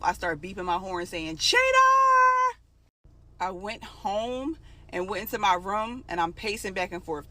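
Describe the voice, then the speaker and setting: A woman's voice: on the low side, fairly bright tone, a little hiss or hum. Emotional woman telling a story. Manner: emotional, conversational, repeats phrases for emphasis. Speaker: vlogger telling her own story. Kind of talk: casual storytime monologue.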